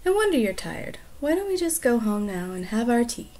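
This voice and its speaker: A woman reading the part of a kind older sister in a storybook, soft and coaxing. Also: fairly high pitch, very animated, a little fast, pitched above the performer's own voice. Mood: gentle.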